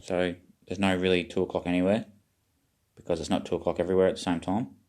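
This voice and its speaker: Deep-voiced rambling man. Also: flat delivery, fast talker, a little mellow. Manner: meandering, self-questioning, occasional swearing. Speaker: vlogger. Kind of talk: rambling spiritual monologue.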